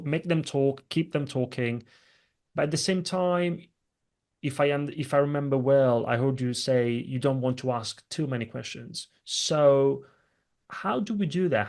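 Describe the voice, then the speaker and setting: A man hosting a podcast interview, asking measured questions with frequent restarts. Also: mid-range voice. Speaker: podcast host.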